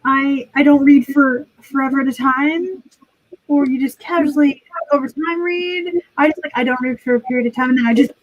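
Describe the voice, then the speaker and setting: Chatty woman guest, high voice, kinda dull muffled audio. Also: normal speed, no room sound. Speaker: guest on a writing livestream. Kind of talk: casual chat.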